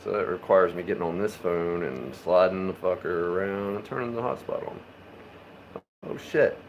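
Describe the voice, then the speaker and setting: A man's voice: low voice, moderate pace, roomy sound, slight background noise, rough recording. A man live-streaming his home beer brewing, chatting casually, rambling and swearing as he works in his kitchen. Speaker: homebrewing streamer.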